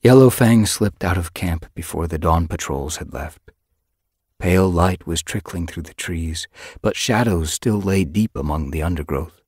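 A man with a deep, slightly husky voice reads an audiobook in an expressive storytelling style. His delivery swings widely in pitch, and the studio recording is dry and close. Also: no room sound. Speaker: audiobook narrator. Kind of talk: scripted narration.

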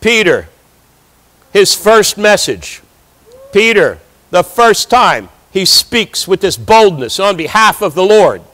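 A man with a high-pitched voice delivers a church sermon. He reads scripture aloud and then breaks it down for his listeners with mounting emphasis. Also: very animated, slow pace, sharp tone. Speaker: pastor. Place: church sanctuary.

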